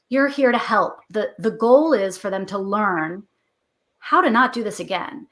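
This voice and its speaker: A middle-aged woman speaks as a guest author in a relaxed interview, explaining advice in a chatty, explanatory way. She slips into short acted lines for parents and kids. Her voice sits at a middle pitch. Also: moderate pace.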